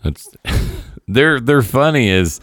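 A man in his forties in casual chat, talking haltingly and trailing off and restarting. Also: mid-range voice, animated, fairly bright tone, no echo, clean studio sound. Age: 40s. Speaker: friend, recent hospital patient.

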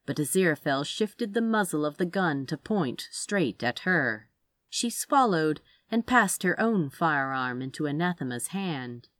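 A woman reading a story aloud in a measured, expressive narration. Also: on the low side, no room sound. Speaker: reader.

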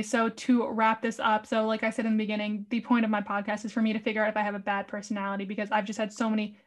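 A young adult woman hosting a podcast in casual chat, talking in a monotone, rambling way with a slightly squeaky voice. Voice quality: a little squeaky. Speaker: podcast host.

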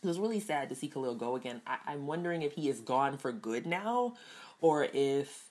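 A woman's voice: rumbling low, expressive, brisk, a little mellow. A woman casually reviewing a TV episode, chatty, with lots of fillers and frequent laughs. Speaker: TV show reviewer.

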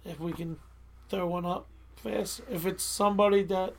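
A woman's voice: lowish voice, steady tone, moderate pace, a little hiss or hum. A woman with a Delco accent from Delaware County, Pennsylvania, co-hosting a podcast in casual chat, rambling, restarting her sentences and often apologizing. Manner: rambling, self-interrupting, apologetic. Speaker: podcast co-host.

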